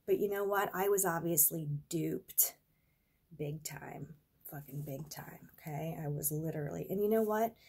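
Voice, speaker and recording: A woman's voice: fairly high pitch, warm tone, husky. A young adult woman vlogger telling a rambling, profane, exasperated story in a casual storytime vlog.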